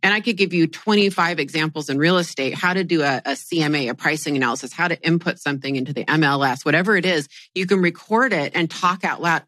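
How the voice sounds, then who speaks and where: A low-pitched woman hosting a podcast, chatting in a lively, laughing way and restarting her sentences as ideas tumble out. Her voice is dry and close to the mic, with no room sound around it. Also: no echo. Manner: animated, laughs often, quick restarts. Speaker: podcast host. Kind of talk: casual podcast chat.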